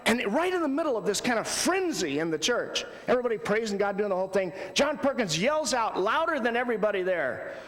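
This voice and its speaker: A man giving a conversational talk at a youth ministry convention, telling stories with loud bursts and quiet lows. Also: very animated, brisk, few pauses. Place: large hall before an audience. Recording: long hall reverb.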